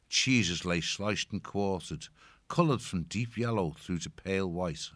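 A man narrating a storybook in a measured, descriptive reading. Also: deep voice, a bit bright, no room sound. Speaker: audiobook narrator.

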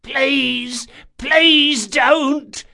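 A grizzled highwayman, put on by a male narrator, begging for his life in a thin, high, strained voice with a pinched, altered tone. His lines come out slow and cringing, full of pleading. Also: sing-song, bright, forceful tone, full character voice. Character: terrified grizzled male bandit, dangling.

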